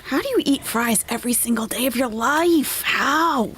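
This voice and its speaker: A woman's voice: a little high, moderate pace, a bit bright, a little hiss or hum. A woman hosting a live-stream reaction, making sarcastic, mocking asides about the person on screen. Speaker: reaction channel host.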